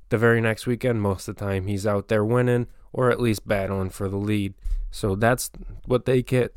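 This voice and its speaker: A man talks on his own in a loose, conversational way, drifting between thoughts and filling pauses with small hesitations. His voice sits a little low and sounds smooth and clean. The recording is dry, with no room echo. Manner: rambling, conversational, frequent fillers and restarts. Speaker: motocross channel host. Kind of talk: casual solo commentary.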